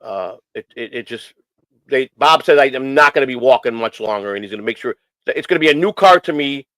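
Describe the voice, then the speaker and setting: A man's voice: mid-range voice, animated, a little fast, fairly bright tone, dry recording, rough recording. A man hosting a casual morning stream show, rambling earnestly with many repeats and restarts. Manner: earnest and emotional.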